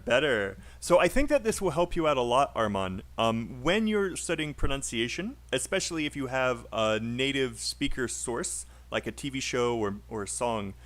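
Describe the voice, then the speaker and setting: A man's voice: mid-range voice, a bit bright. A man teaching a live online English speaking class, patiently coaching a student's pronunciation.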